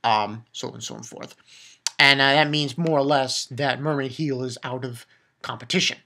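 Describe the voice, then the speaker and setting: A man casually recapping a manga chapter, rambling and swearing, with many restarts and bursts of excitement. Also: medium pitch, normal speed, creaky.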